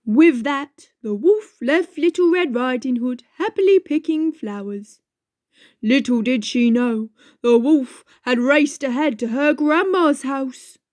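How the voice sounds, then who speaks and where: Animated woman telling a children's story. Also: high voice, slow. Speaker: puppeteer and narrator.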